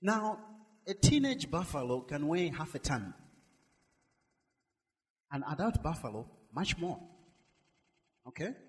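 A middle-aged male minister preaching a sermon, swinging between loud emphatic lines and soft drawn-out words. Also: a little high, big pitch swings, big-room sound.

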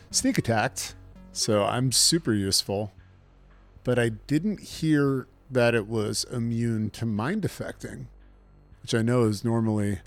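A man playing a tabletop game, joking with the table and narrating his character's actions in a playful, drawn-out way. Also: on the low side. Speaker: player.

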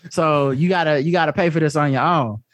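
A man's voice: on the high side, brisk, no room sound. A man co-hosting a casual chat, telling anecdotes and acting out what people said. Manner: expressive, acts out quotes. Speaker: podcast co-host.

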